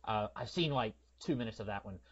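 A man's voice: on the low side, animated, a little fast, muffled recording. Hesitant man, rambling podcast talk. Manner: hesitant and rambling, many fillers. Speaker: podcast co-host. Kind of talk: casual film review chat.

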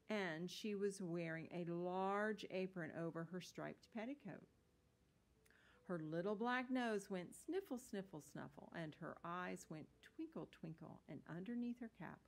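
A woman reading a children's story aloud in a gentle, unhurried storytelling manner. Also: lowish voice.

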